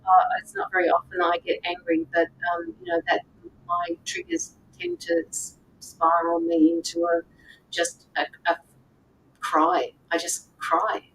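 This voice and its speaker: On a live stream, a woman who reads tarot and works as a medium speaks in a low-leaning, fairly bright voice at a slightly slow pace. The mic is distant and the rough recording carries a little hiss or hum. She coaches viewers earnestly and casually, repeating points and asking "right?"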